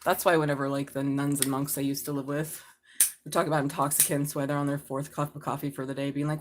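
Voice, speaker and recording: A woman's voice: deep voice, fairly even intonation, fast talker, slight background noise. A middle-aged woman giving a live tarot reading in a casual, chatty way, swearing freely and laughing often. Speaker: tarot reader.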